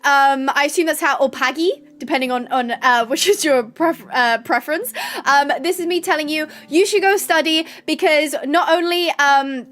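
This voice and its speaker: A woman's voice: high-pitched, moderate pace, a bit bright. A young woman hosting a casual livestream from her room, reading chat messages aloud in a bubbly, chatty way and laughing often. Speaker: livestream host. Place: bedroom.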